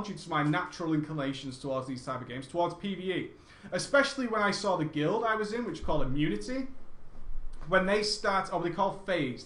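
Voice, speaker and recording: A man's voice: high voice, sharp tone, roomy sound. A man telling a long, rambling gaming story in casual chat, correcting himself often and swearing freely. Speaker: storyteller recounting gaming memories.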